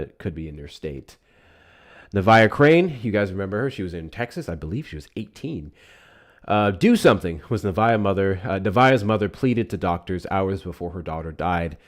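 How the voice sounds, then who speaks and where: Deep-voiced, animated male stream host. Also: normal speed. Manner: animated, blunt, heated. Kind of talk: political call-in stream.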